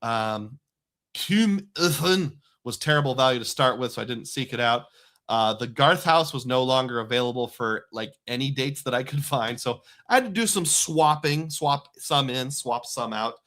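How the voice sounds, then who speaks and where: A man's voice: medium pitch, lively intonation, normal speed, a bit bright. A middle-aged man hosting a casual live stream, chatting loosely and reading viewer comments aloud. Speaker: livestream host.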